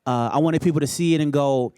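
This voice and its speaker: A man with a smooth, resonant voice speaks earnestly in an interview, reflecting on his craft. The sound is dry and close, with no room around it. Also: a little high, fast talker, dark tone, no echo. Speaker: singer and actor. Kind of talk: casual interview chat.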